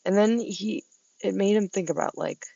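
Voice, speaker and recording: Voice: medium pitch, moderate pace, gravelly, warm tone, no room sound, lo-fi sound. A vlogger talking to themselves outdoors in a meandering, chatty monologue, laughing between thoughts. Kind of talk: rambling casual monologue to camera. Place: outdoors, about to go inside.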